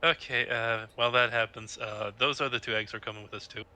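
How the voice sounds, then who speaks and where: A man playing in a tabletop game, speaking hesitantly with many pauses. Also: mid-range voice, steady tone, bright, forceful tone. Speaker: player.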